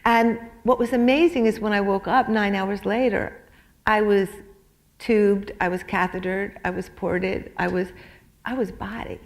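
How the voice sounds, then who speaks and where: Brief: middle-aged woman author, halting speech with restarts, reads aloud from her own memoir on stage. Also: mid-range voice, fairly even intonation. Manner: halting, repeats words when speaking freely. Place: public library stage.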